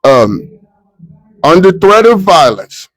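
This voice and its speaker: A man with a New York accent interviewing a rapper backstage at a live show, excitable, playful and profane. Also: fairly high pitch, takes it slowly, dry recording, low-quality recording.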